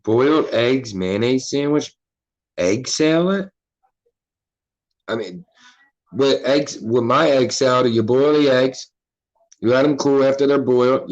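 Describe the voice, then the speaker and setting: Casting: relaxed Philly guy, loose and profane streaming chatter, mid-pitched voice. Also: lo-fi sound. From Philadelphia. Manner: laid-back, profane, reading chat aloud. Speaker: livestream host. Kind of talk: casual livestream chat.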